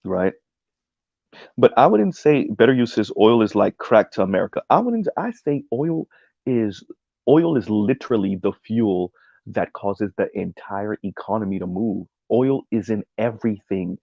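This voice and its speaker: Gravelly low-voiced man rambling on stream. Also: expressive, normal speed, dry recording, lo-fi sound. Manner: rambling, many "um"s and "right?" tags. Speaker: streamer reacting to a video essay. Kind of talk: casual livestream commentary, reading chat.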